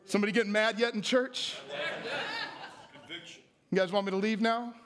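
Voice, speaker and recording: A man's voice: high voice, steady tone, normal speed. A man preaching a sermon in church, joking with the crowd and prompting them to answer back.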